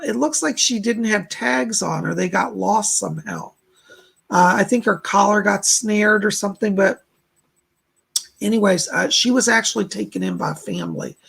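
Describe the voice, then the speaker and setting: A man's voice: high voice, creaky, a bit bright, slightly rough. A man hosting a live stream, giving chatty psychic readings and relaying spirit messages with plenty of fillers. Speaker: psychic reader and host.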